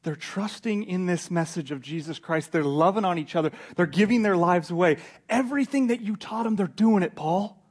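A man's voice: a little high, moderate pace, few pauses, lightly acted. A man doing an eager young messenger. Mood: excited. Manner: excited, insistent, repeating himself. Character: eager young male companion bringing good news.

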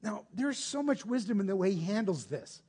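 A man's voice: sits high, very animated, normal speed, warm tone, slightly rough. A man preaching a conversational sermon, explaining patiently and putting rhetorical questions to his listeners.

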